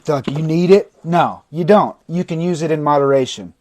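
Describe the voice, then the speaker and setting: A man streaming live as a recovery coach, talking bluntly to his viewers and swearing often, with sudden shouting and long stretches of quieter, softer talk. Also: fairly high pitch, normal speed, dry recording. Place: indoors, livestream. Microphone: phone or webcam mic.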